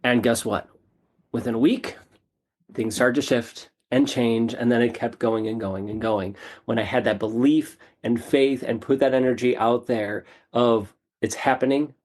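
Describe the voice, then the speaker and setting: A man of ordinary middle pitch talks as a podcast guest, recounting a personal turning point. He tells it in a casual, animated way, poking fun at himself and repeating lines for emphasis. His voice sits right in the middle range, neither deep nor high. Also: unhurried. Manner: animated, repetitive, self-deprecating storytelling. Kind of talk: casual storytelling interview.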